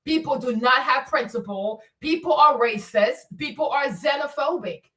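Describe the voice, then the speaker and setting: A woman who immigrated to America rants bluntly, swearing and sarcastic, in casual commentary. Her voice sits high. She sounds set back from the microphone, a little distant. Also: normal speed, bright, forceful tone. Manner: blunt, profane, sarcastic ranting. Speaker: commentary channel host.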